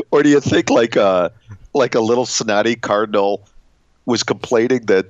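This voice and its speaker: A man's voice: medium pitch, normal speed, no room sound. A man co-hosting a podcast, casual comedic banter, rambling and self-interrupting with frequent laughs. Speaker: podcast co-host. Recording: dull lo-fi dry recording.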